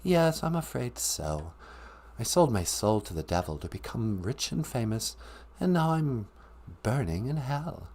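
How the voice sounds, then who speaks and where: A man's voice: medium pitch, very animated, measured pace, darkish tone. A man putting on a posh English rock-star ghost. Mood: polite.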